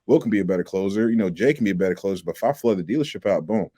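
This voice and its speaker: A man with a fairly low voice, a guest on a casual podcast. He tells animated stories and acts out what people said. The mic is close and the sound dry. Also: racing, slightly rough, no room sound. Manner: animated storyteller acting out quotes. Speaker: guest, car salesman. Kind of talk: casual interview chat.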